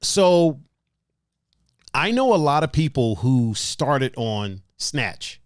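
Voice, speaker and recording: A man's voice: mid-range voice, big pitch swings, slow, dry recording, clean studio sound. A man hosting a casual podcast, talking in a laid-back, slangy way and reading out chat comments. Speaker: podcast host.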